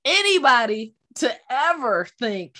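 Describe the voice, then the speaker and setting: A woman's voice: a little high, very animated, a little slow, pushed and bright. A woman in her late twenties or thirties co-hosting a casual podcast, telling stories animatedly, laughing often and swearing casually. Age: millennial. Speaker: podcast co-host. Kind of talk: casual chat.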